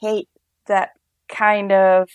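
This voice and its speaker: A woman's voice: mid-range voice, little pitch movement, drawn-out words, smooth, no echo, lo-fi sound. Woman chatting casually on a podcast, medium voice, lots of "like", dry close mic. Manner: chatty, frank, many filler likes. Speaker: podcast co-host. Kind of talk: casual chat.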